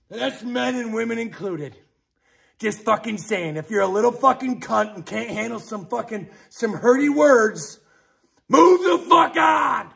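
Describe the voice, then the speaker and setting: Man, high-pitched for a man, very gravelly, angry profane rant, muttering then shouting. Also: expressive, measured pace. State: drinking beer. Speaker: podcast host.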